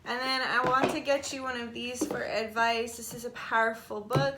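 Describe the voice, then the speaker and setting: A young woman giving a casual tarot reading, chatty and animated, swearing freely. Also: on the high side, moderate pace, a little hiss or hum. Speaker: tarot reader.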